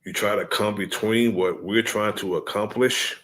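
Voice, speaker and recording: A man addressing his followers in a deliberate, preaching cadence, repeating his key points. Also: fairly low pitch, steady tone, a bit bright.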